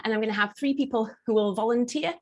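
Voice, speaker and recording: A woman's voice: on the high side, quick pace, a little hiss or hum. Playful, theatrical woman coach. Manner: playful, theatrical, acts out little voices and laughs often. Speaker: burlesque performer and confidence coach. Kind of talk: lively workshop teaching.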